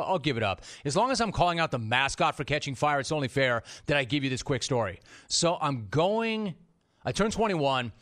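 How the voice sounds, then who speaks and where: This radio sports talk host, a man in his forties, delivers an animated monologue, brashly telling stories and imitating his friends' voices. His mid-range voice has a slightly bright edge.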